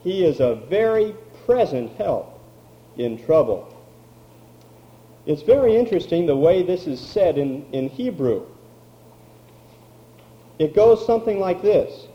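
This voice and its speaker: A man preaching a sermon, slow and emphatic, drawing out key words. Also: high-pitched, expressive, muffled recording. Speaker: pastor.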